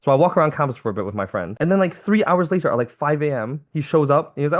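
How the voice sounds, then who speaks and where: Fast-talking young man telling a story. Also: a little high. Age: young adult. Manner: animated storytelling, mimics friends' lines. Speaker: documentary interviewee. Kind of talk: casual anecdote.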